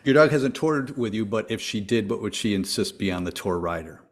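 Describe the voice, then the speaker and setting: A man's voice: lowish voice, expressive, brisk. A man hosting a podcast, asking casual interview questions in an upbeat way and chuckling often. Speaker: podcast host.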